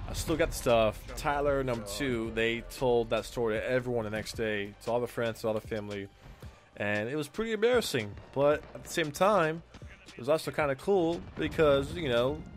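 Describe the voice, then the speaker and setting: A man casually telling a personal story to his viewers, acting out what people said and using lots of fillers. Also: mid-range voice. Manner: animated retelling, acts out quoted lines, frequent fillers.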